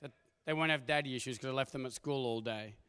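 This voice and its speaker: A middle-aged man, preaching a sermon as a pastor and telling stories in an animated way, acting out quoted voices. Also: medium pitch, fast talker, smooth. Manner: animated storytelling with acted-out voices. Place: church auditorium. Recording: long hall reverb from a church.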